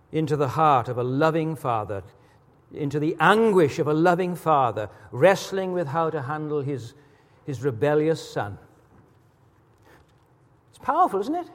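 A man's voice: on the high side, big pitch swings, unhurried, long pauses, big-room sound. A man preaching a sermon, asking rhetorical questions and building to emphatic peaks.

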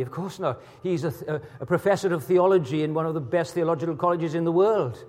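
Man, preacher, sermon, rhetorical questions, fairly high voice, long hall reverb. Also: quick pace, hardly any pauses, a little mellow. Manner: rhetorical questions, rising to emphatic peaks.

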